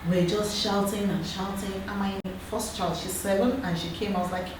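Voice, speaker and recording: A woman in her thirties with a Nigerian accent, chatting earnestly as a guest and giving advice in a lively, storytelling way. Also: medium pitch, normal speed. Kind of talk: casual chat. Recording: roomy echo, far from the mic, background noise.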